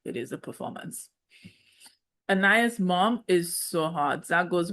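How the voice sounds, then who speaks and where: A woman's voice: on the low side, expressive, unhurried, fairly bright tone. A woman in a casual, sassy reality TV recap, with speech and playful, opinionated asides. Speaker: reality show recap host.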